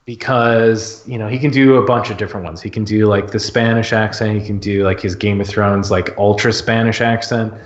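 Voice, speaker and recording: A man's voice: on the low side, fairly even intonation, a little fast, few pauses. A man co-hosting a casual fan podcast, rambling and thinking aloud as he reacts to a trailer. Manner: rambling, thinking aloud with fillers and jokey impressions. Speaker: podcast co-host. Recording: roomy, dull lo-fi audio.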